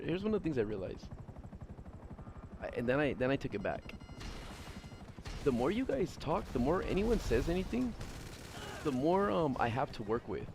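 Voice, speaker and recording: A loud, opinionated young man chatting casually while he streams a game. He rambles, restarts and leans on filler words. His pitch sits in an ordinary middle range. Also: noisy background. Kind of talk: casual chat while gaming.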